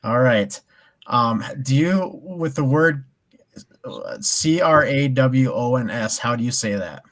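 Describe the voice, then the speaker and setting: A man's voice: medium pitch, animated, slow pace, fairly bright tone. A man hosting a casual sports betting podcast, rambling and laughing often, tripping over his words. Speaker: podcast host.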